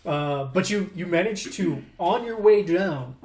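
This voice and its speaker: A man's voice: sits high, animated, measured pace, darkish tone, roomy sound. A man running a tabletop game as game master, easygoing, with lots of fillers and laughs.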